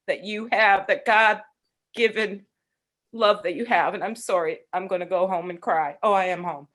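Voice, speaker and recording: A woman's voice: mid-range voice, normal speed, fairly bright tone. A woman guest teacher on a video call, earnest and playful in heartfelt talk. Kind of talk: heartfelt online chat.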